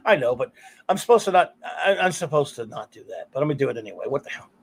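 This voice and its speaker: A man's voice: mid-range voice, expressive, fast, creaky. A middle-aged man hosting a casual live stream, telling rambling stories, cursing freely and laughing often. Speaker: podcast host.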